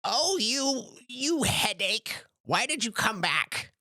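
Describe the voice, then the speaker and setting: A fussy old granny giantess with a quavering, much higher voice, as a game master puts her on. She frets and repeats herself, hurrying to host her guests, and the recording is dry and close. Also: sing-song, slow pace, sharp tone, dry recording, heavily acted. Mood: flustered. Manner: flustered, fluttering, repeats herself.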